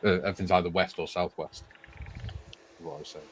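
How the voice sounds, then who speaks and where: A Welsh man with a very low voice, co-hosting a laid-back livestream chat. He talks easily and laughs a lot between remarks. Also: fairly even intonation, fast talker, slightly rough. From North East Wales. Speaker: co-host.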